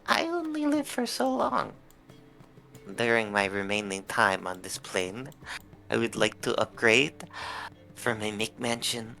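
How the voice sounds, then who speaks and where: Player doing a smug rich old lady, late seventies, raspy and gravelly, real sharp tone, plotting to go lich lol. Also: medium pitch, exaggerated voice. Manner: grand, self-satisfied, mock-genteel. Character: very wealthy old human woman in her late seventies, scheming to become a lich. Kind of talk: tabletop role-play in character.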